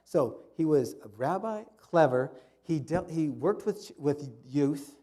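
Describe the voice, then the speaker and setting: Man, club history talk, slightly high mellow voice, storyteller who restarts phrases. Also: lively intonation, takes it slowly. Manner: storytelling with frequent restarts and repetitions. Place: fellowship hall.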